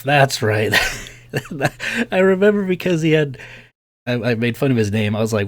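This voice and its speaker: A man's voice: medium pitch, lively intonation, normal speed. A man giving casual game commentary, chatty and thinking aloud, laughing often. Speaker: let's play host.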